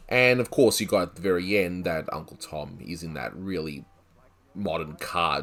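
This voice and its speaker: Deep-voiced man reviewing cartoons. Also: fairly bright tone. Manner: conversational, thinking aloud with asides. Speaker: animation reviewer. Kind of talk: video review commentary.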